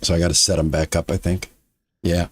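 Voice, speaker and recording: A gaming streamer plays a farming game, chatting casually and thinking aloud about what he's doing into a headset mic. He has a deep voice and speaks fairly quickly with a flat delivery, sounding out of breath.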